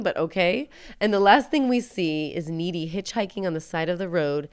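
A woman's voice: fairly low pitch, moderate pace, clean tone, no echo. A woman casually retelling a film plot in close detail, jumping into the characters' lines as she goes. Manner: animated storyteller, acts out quotes.

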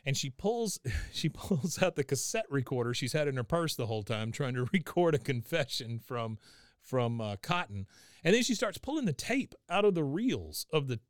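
A man hosting a podcast, recapping an episode casually in a wry, animated way. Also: mid-range voice, normal speed, no echo, studio quality. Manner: animated, wry, laughs often. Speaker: podcast host.

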